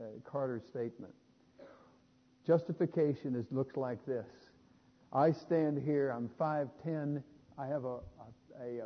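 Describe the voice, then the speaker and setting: A man preaching a sermon, building to louder emphatic points and adding small jokes. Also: mid-range voice, husky. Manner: emphatic, rising loud on key points, with jokes. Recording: dull sound with long hall reverb.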